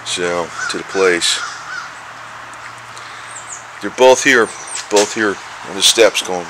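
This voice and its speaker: A man with a fairly low voice rambles casually while filming cats on a handheld camera, chuckling between remarks. When he turns to the cats, his voice goes high and coaxing. The outdoor recording is noisy, with birds and traffic clearly audible behind him. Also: slow pace, pauses often. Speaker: vlogger. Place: outdoors near steps.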